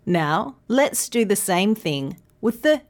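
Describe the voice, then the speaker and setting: A woman teaching English pronunciation in a scripted podcast lesson, articulating slowly and carefully. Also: mid-range voice, sing-song. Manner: slow, clear, careful articulation.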